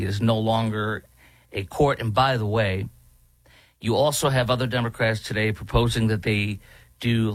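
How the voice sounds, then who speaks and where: A man's voice: lowish voice, no room sound. A man hosting a political talk show, sarcastic and rambling with many restarts. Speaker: host.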